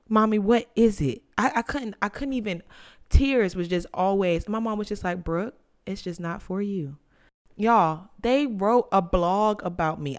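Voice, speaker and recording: A woman in her twenties hosting a podcast, telling a personal story in an expressive, testifying way and talking straight to her listeners. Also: lowish voice. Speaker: podcast host.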